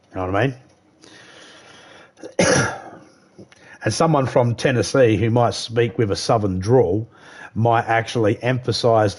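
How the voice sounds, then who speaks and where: Low-voiced man rambling on a game stream. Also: darkish tone. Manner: rambling, profane, repeats himself. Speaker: live streamer. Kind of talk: casual chat while gaming.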